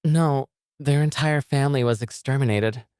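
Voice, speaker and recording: A man's voice: mid-range voice, normal speed, a little mellow, clean tone, no room sound, clean studio sound, voice pushed up, lightly acted. A man voicing a hot-tempered young vampire woman in an audio story, speaking in clipped, furious bursts. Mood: tense.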